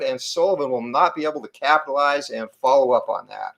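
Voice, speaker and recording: A man with a slightly hoarse morning voice, giving play-by-play commentary on a tabletop boxing game and calling out each roll in short clipped phrases. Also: mid-range voice, fairly bright tone. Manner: calls each dice roll and punch count in quick clipped phrases.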